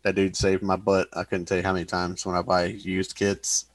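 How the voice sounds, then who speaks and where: A man's voice: deep voice, completely flat delivery, moderate pace, dry recording. A man chatting casually about building model kits, easygoing and rambling. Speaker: model kit hobbyist on a group chat show. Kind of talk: casual chat.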